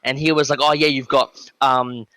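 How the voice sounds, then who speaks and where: This podcast guest is a young Australian man with a medium-pitched voice and normal pace, recorded without echo. Telling a story on a laid-back show, he animatedly plays out the dialogue, his speech full of fillers.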